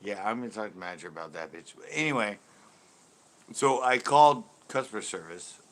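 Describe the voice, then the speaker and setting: A man in his fifties hosting his channel, telling a story in casual chat, animated, laughing often and cursing freely. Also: fairly low pitch, fairly quick. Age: 50s. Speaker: host.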